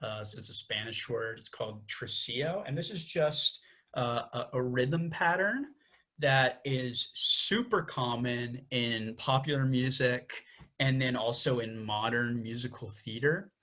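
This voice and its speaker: Young guy cohosting a podcast, breaks down rhythm theory, counts beats out loud. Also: mid-range voice, a little slow. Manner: explains step by step, counting beats aloud. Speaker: podcast co-host. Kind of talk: casual music-theory explainer.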